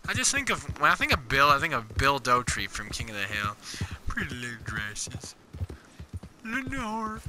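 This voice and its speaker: A man hosting a let's play, chattering excitedly and rambling as he plays. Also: mid-range voice, fast, hardly any pauses, noisy background. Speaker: gaming YouTuber.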